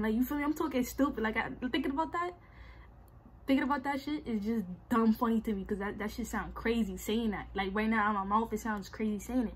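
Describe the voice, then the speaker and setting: A young woman with a husky voice, telling a storytime vlog in slangy, animated casual talk and repeating herself. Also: fairly high pitch, fast, slight background noise. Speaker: vlogger. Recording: faint music behind.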